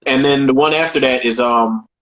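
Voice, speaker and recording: A man co-hosting a casual film podcast, talking in an animated, profane way and repeating himself as he riffs. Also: medium pitch, moderate pace. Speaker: podcast co-host.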